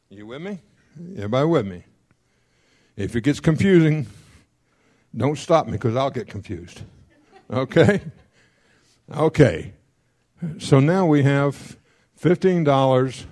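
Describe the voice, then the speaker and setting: A man's voice: medium pitch, a little mellow. Folksy man teaching a money class. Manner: folksy, checks in often with the audience; rattles off figures quickly. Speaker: financial counselor teaching a class. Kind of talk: classroom lecture on debt repayment.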